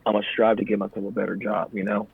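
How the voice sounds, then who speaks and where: Young man, low husky voice, casual profane storytelling, thin phone-like sound. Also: rapid-fire, dry recording. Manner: profane, animated storyteller who acts out customers in higher voices. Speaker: podcast guest, Marine veteran. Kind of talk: casual conversational interview.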